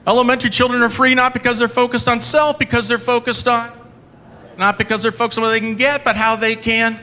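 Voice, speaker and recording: A man giving a motivational keynote, telling stories dramatically, swinging from loud to hushed. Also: extremely high pitch, a little fast. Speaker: motivational speaker.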